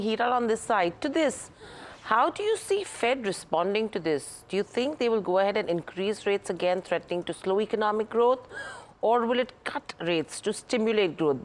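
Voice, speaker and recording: A woman's voice: medium pitch, expressive, moderate pace, slight background noise. A woman co-anchoring a business news interview, putting a multi-part question to the guest.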